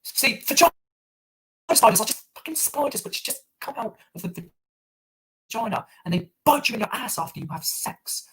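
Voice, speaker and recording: A man's voice: very high-pitched, expressive, a little fast, slight background noise, rough recording. A man doing crude, rambling improvised stand-up over an online call, full of fillers and hesitations. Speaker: stand-up comedian.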